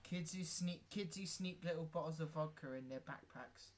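A man's voice: a little high, moderate pace. A young man, co-hosting a podcast in casual chat and ranting sarcastically with swearing. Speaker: podcast co-host.

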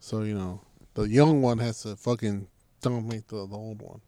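A man's voice: on the low side, fairly even intonation, moderate pace, mellow, clean tone. A man co-hosting a podcast, telling a rambling, profane story in casual chat with frequent restarts. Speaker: podcast co-host.

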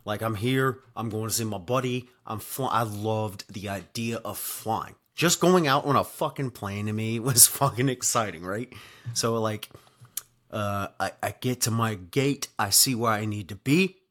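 A man's voice: fairly low pitch, measured pace, a bit bright. Rambling, foul-mouthed man telling a story. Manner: rambling and profane, heavy on fillers and "right?". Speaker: podcast host telling a travel story. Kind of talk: casual storytelling monologue.

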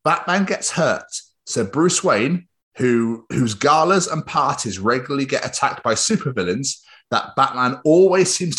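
A man's voice: medium pitch, a bit bright. A British man hosting a podcast, bantering casually, swearing and joking between laughs. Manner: sweary, jokey, laughs often. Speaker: podcast host.

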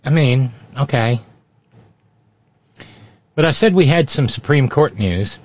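A man's voice: medium pitch, expressive, slow pace, no echo. Mocking guy doing a political show, dry, muffled audio. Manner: sardonic, mocking asides. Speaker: host. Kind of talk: sarcastic political commentary. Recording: dry, dull lo-fi sound.

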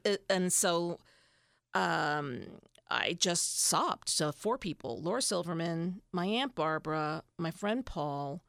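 This is a woman in her fifties with a lowish, gravelly voice, heard close in a dry room. She tells personal stories candidly and emotionally, circling back with fillers and restarts. She slips into other people's voices when she quotes them. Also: lively intonation, takes it slowly, fairly bright tone, no echo. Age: 50s. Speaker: podcast guest. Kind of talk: casual candid storytelling.

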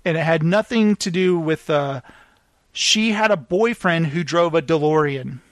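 A podcast host telling a self-deprecating story in casual chat, animated and apologetic in tone. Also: male voice, a little high, a little slow, no room sound.

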